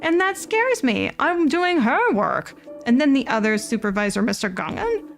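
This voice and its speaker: A woman's voice: high voice, sing-song, normal speed, slight background noise. A woman voicing an anxious, earnest young man who rambles as he pours out his worries. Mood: frustrated.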